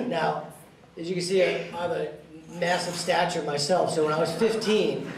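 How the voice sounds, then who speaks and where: A man with a higher, gravelly voice talks about an old friend. He stands well back from the microphone in an echoey hall, and the people gathered can be heard around him. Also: steady tone, normal speed, a crowd in the background. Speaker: eulogy speaker.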